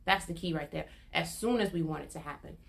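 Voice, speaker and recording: A woman's voice: low-pitched, fast talker, vocal fry. A young adult woman sharing an informal prophetic testimony, earnest and repetitive, her intensity building as she goes. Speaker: prophetic minister.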